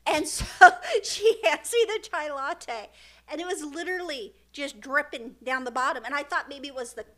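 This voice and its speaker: A woman's voice: high-pitched, normal speed, fairly bright tone. A middle-aged woman, a mother and podcast co-host, telling a funny story in casual chat and often laughing.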